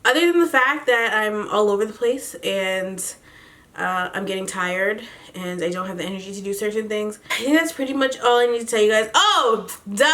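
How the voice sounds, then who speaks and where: A young pregnant woman chatting casually in a vlog, slangy and quick to laugh. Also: mid-range voice, a bit bright. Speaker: vlogger.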